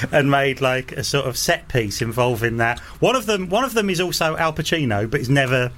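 A man co-hosting a casual podcast chat, easygoing and a bit halting. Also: mid-range voice, lively intonation, a bit bright.

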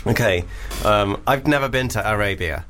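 A man's voice: fairly low pitch, moderate pace, fairly bright tone, a little hiss or hum. A man hosting a radio show, joking and bantering with his co-host. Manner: playful, laughing, joking.

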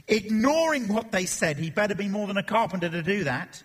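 A man preaching an expository sermon, animated, acting out voices and joking between readings. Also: high voice, normal speed, hardly any pauses, breathy edge. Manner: animated, acts out Bible voices and jokes. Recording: long reverb of a church hall.

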